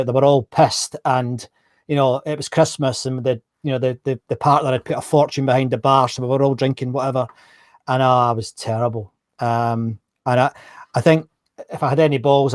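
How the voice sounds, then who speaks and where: A man hosts a relaxed interview, his voice recorded close and dry with no room sound. His pitch is middling. He chats loosely and mocks his own failures. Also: no echo. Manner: frequent short backchannels, rambling and self-deprecating. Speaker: podcast host. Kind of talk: casual interview chat.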